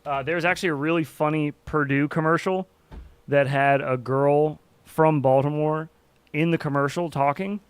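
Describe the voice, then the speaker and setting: A man's voice: on the high side, steady tone, moderate pace, clean tone, no echo. A man hosting a livestream, chatting loosely and rambling while he flies a drone simulator, swearing often. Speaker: livestream host. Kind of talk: casual chat while flying a drone simulator.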